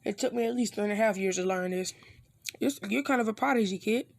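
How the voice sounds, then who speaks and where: A storyteller voicing an old male ninja master who is secretive and gruff, in a low, hushed voice, in an improvised fan story. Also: fast, no room sound, natural voice. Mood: teaching.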